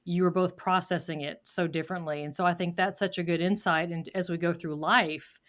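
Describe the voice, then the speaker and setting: A woman hosts a podcast interview in a slightly low voice. She sounds reflective and measured, pausing as she works through her thoughts. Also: fairly even intonation. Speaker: podcast host. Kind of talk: conversational interview.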